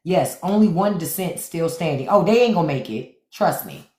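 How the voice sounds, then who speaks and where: A woman's voice: lowish voice, lively intonation, moderate pace, darkish tone, roomy sound. A woman hosting a live stream, ranting about politics to her chat in a profane, sarcastic, mocking way. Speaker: podcast host on a live stream. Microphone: phone.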